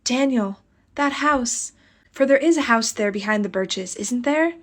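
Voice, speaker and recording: A woman's voice: on the high side, lively intonation, measured pace. A woman reading as a distraught young wife who pleads in fear and confusion. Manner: pleading, breathless, fearful.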